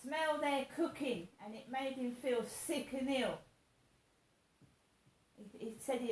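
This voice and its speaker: A woman's voice: high voice, slow, long pauses, far from the mic. A woman vlogging in a rambling, aggrieved way, repeating herself as she complains. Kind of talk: casual vlog rant. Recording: echoey room with faint hiss.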